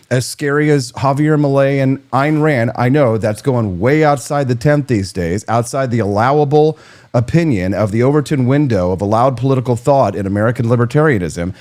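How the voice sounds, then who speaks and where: A man's voice: medium pitch, a little mellow. A man hosting a talk show, delivering an opinionated, sarcastic monologue and swearing freely.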